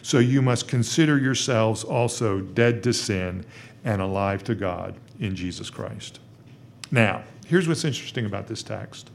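A man's voice: fairly low pitch, animated, unhurried, vocal fry, a little hiss or hum. A man preaching an expository sermon as pastor, conversational, with frequent fillers and rising emphasis on key points.

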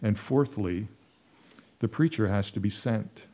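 Mellow-voiced male preacher. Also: on the low side, measured pace. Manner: earnest storytelling preacher, repeats phrases for emphasis. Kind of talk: sermon.

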